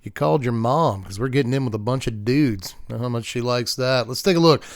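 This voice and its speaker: A man's voice: medium pitch, fairly quick, dry recording, clean studio sound. A man hosting a casual card game deck tech, jokey and playful with punchy asides. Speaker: card game YouTube host.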